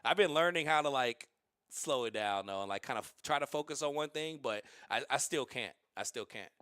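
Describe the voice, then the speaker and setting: A man streaming and telling stories in a casual, rambling, animated way, with many restarts. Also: medium pitch, brisk, smooth, dry recording, clean studio sound. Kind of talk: casual livestream storytelling.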